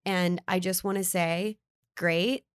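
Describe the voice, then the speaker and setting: A chatty, candid woman with a slightly low voice talks through a relaxed interview. Her delivery is casual and full of fillers, and she sounds close to the mic in a dry, dead room. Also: slow pace, clear, resonant tone, no room sound. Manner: chatty, candid, uses "like" a lot. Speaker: beauty writer and guest.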